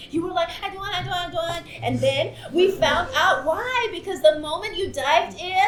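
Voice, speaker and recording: A brash, needling radio host, played by an actress who teases with relish. Her voice runs high and lively. The room echoes, with faint noise. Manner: brash, teasing, loud laughter. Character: brash adult woman radio morning-show host Val. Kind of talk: stage play performance.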